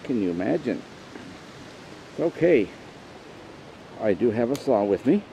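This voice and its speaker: A man's voice: mid-range voice, big pitch swings, warm tone. Man chatting outdoors on a dull lo-fi camera mic. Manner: chatty, unhurried, talks to camera while working. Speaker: outdoor vlogger. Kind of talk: casual outdoor narration. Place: outdoors in the woods. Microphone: camera mic on a small tripod. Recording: dull lo-fi outdoor recording with clear background noise.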